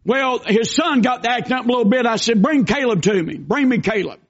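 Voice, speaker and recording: An older man delivers a sermon in a strikingly high voice. He swings between shouted exhortation and folksy storytelling. The recording is dull and lo-fi. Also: expressive, a little fast, slightly rough. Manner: preaching with shouted bursts and folksy asides. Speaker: pastor. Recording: dull lo-fi sound.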